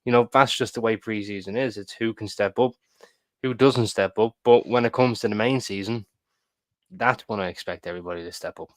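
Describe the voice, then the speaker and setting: A man's voice: on the low side, fairly quick, dry recording. A man co-hosting a casual football podcast, opinionated and jokey. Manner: opinionated, jokey, repeats himself. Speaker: podcast co-host.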